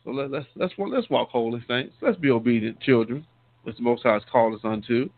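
A deacon with a medium-pitched voice preaches quickly in a conversational style, frequently repeating and restarting words and addressing his listeners as saints. The sound is dry and tinny, like a phone line, with no echo.

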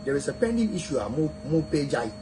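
A man's voice: a little high, big pitch swings, quick pace, dark tone, soft background music, poor audio. A man with a Ghanaian accent, talking casually and animatedly as a guest, mixing Twi and English. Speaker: celebrity guest. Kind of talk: casual chat.

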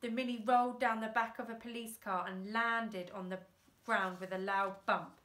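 A woman teacher reading a children's book aloud, lively and acting out the characters. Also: normal speed. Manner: lively, voices characters with big pitch jumps. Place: classroom or home, self-filmed. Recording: echoey room.

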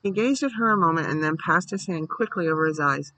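A man reading a bedtime story aloud in a steady, measured way. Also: on the high side, no echo, poor audio.

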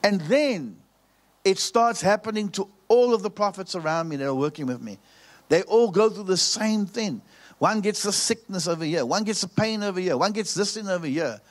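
Preacher with a raised voice. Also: male voice, sits high, expressive, normal speed. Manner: storytelling preacher, repeats phrases for emphasis. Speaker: pastor. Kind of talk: preaching sermon.

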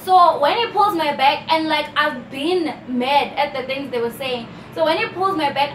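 A young South African woman telling a storytime vlog, animated and chatty, often calling out to her viewers. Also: high voice, moderate pace, a little hiss or hum. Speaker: vlogger. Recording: roomy, distant from the mic.

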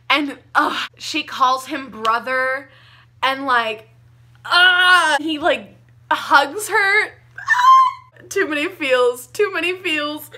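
A young woman gushing about a book she loved, talking casually and excitably with lots of "like" fillers. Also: sits high. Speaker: book reviewer.

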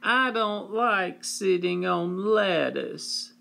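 A man's voice: high voice, lively intonation, creaky, bright, forceful tone, pitched above the performer's own voice, full character voice. A man reading a storybook aloud and voicing a whiny young boy who draws out his complaints. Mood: whining. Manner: whining, drawn-out.

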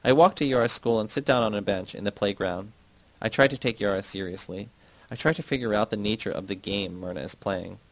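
A man narrates a first-person novel in a plain, steady read. His voice sits low, recorded close and dry. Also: fairly quick, no room sound, poor audio. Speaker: audiobook reader.

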